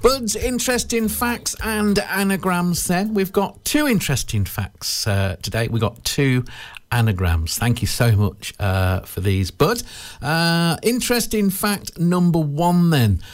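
A man's voice: fairly high pitch, expressive, unhurried. A man in his twenties presenting local radio in a chatty, jokey, self-mocking way. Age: 20s.

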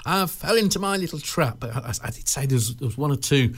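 A man's voice: mid-range voice, expressive, fast, a bit bright, slightly rough. A man with an English accent presenting a local radio show, in chatty, jokey banter that rambles and stumbles over repeated words.

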